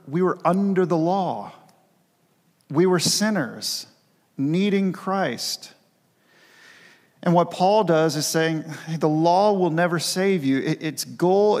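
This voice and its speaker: Man preaching in a reverberant church. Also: high-pitched. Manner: earnest preaching, repeating key phrases for emphasis. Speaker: pastor. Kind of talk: sermon. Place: church sanctuary.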